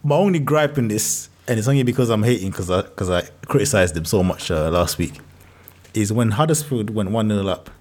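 A man co-hosting a football podcast in casual banter, animated and exasperated, laughing often. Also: lowish voice, a little fast. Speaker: podcast co-host.

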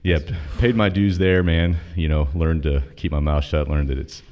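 A man's voice: a bass voice, normal speed. A man from North Carolina, a podcast guest, telling stories casually with plenty of profanity and acted-out dialogue. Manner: profane, animated, quotes dialogue in his story. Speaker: podcast guest, former Army officer. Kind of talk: casual storytelling.

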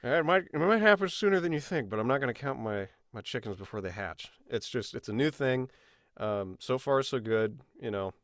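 A man's voice: mid-range voice, a little fast, dry recording, studio quality. A young man hosting a podcast, chatting casually and telling stories with laughter. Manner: animated, laughing storyteller. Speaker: podcast host.

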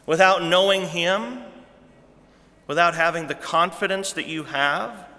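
Slow, bright-voiced male preacher in a hall. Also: sits high. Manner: repeats rhetorical questions, swings between hushed and loud. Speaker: pastor. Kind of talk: sermon.

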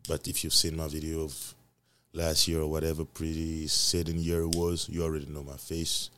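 A deep-voiced man talks alone into the mic at home, hosting his own podcast. He rambles and rants loosely and swears all the time. His voice sits very low. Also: monotone, normal speed, fairly bright tone, clear, resonant tone. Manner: profane, ranting, rambling. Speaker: podcast host. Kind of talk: casual solo podcast rant.

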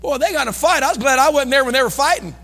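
Preaching at rapid-fire speed, a middle-aged pastor from the American Midwest delivers a sermon in a church sanctuary. His voice is unusually high for a man and sharply bright, and his folksy style swings from shouting to quiet asides, every line followed by long reverb.

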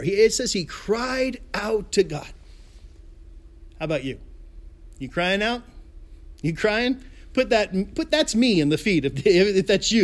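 A male pastor delivering an online sermon in a high, lively voice that leaps up and down in pitch. He tells the story playfully, tosses in pop-culture jokes and chuckles between lines.

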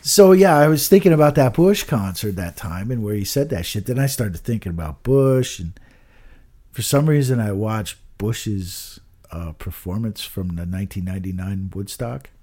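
Casual podcast host, male, animated delivery, rambling storyteller, swears freely. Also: fairly low pitch, normal speed. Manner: rambling, swears a lot, trails off with "I don't know". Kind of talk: casual chat.

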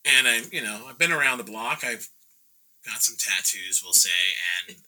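A man's voice: mid-range voice, moderate pace, poor audio. A middle-aged man casually telling a story, acting out other people's lines and often laughing. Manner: animated, acts out quoted voices, laughs often. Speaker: guest painter telling a story.

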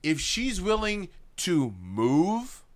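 A man's voice: high-pitched, sing-song, extremely slow. A man co-hosting a podcast, chatting casually and swearing a lot, acting out quotes as he goes. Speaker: podcast co-host. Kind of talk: casual chat recapping a show.

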